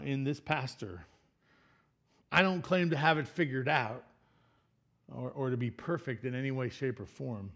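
Vocal fry colors this male pastor's voice as he preaches in church, acting out the people in the story and questioning the congregation. His delivery swings between loud, emphatic lines and soft, low asides.

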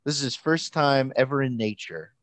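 A pastor and camp counselor with a mid-range voice tells a story in casual chat, captured in a dry recording. He's animated but halting, restarting often and quoting other people's voices.

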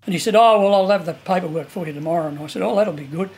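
A man's voice: sits high, racing, darkish tone, husky. An older man, bluntly telling earthy anecdotes in an interview. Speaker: local landowner recalling the dig. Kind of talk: casual storytelling interview. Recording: faint background noise.

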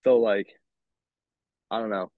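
A man's voice: lowish voice, takes it slowly, dry recording. A man, a metal band singer, chatting as a guest and telling stories with animation. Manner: animated storyteller, laughs between lines. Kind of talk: casual chat. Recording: dull lo-fi sound.

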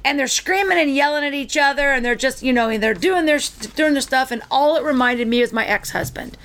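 A middle-aged woman with a high voice tells a story in casual conversation. She is animated and restarts her sentences often as she goes. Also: brisk. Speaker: podcast co-host. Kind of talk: casual chat.

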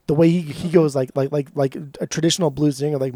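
A man on a podcast, chatting casually in an animated, teasing way and swearing freely. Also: fairly high pitch, fast, hardly any pauses, no room sound, studio quality. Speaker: podcast co-host. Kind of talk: casual chat.

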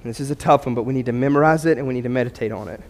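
A man's voice: medium pitch, rapid-fire, darkish tone. A man preaching a sermon to his church in a conversational manner, mixing scripture with humorous personal stories. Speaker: pastor. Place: church sanctuary. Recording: long hall reverb.

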